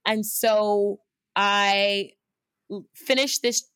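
A woman who works as a cycling instructor, telling a personal story in conversation with an earnest, lively manner, often restarting her sentences and dropping in fillers. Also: medium pitch, drawn-out words, clear, resonant tone, dry recording, clean studio sound.

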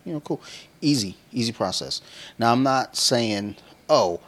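A man's voice: medium pitch, animated, normal speed, a bit bright. A man in his thirties co-hosting a podcast, telling loose, profane stories in casual chat and laughing often. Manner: laughs often while talking. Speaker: podcast co-host.

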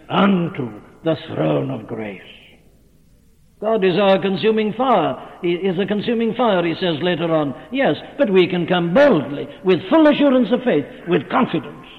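A man delivers an earnest sermon that builds to fervent cries. His voice sits a little high. The recording is thin and phone-like, with a long hall reverb trailing behind him. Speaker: preacher.

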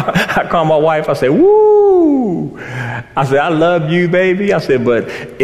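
A man preaching a sermon, building to shouts and slowing down for emphasis. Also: fairly high pitch. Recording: roomy hall with long reverb.

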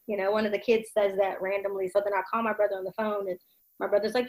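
A woman's voice: mid-range voice, steady tone, fast talker, rough recording. A woman telling a personal story in casual conversation, reflective, with many fillers and restarts.

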